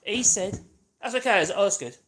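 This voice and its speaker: A man's voice: high voice, expressive, fast talker, a bit bright, echoey room, distant mic. A man chatting casually on a radio mic while he builds something, rambling and cracking jokes. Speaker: vlogger. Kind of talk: casual chat while woodworking.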